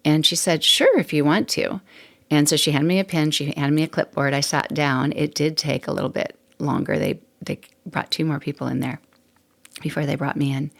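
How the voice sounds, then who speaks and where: A woman's voice: low voice, fairly even intonation, a little fast, creaky. A middle-aged woman hosting a podcast, talking casually and candidly with frequent laughs and rambling asides. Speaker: podcast host. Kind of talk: casual solo podcast monologue.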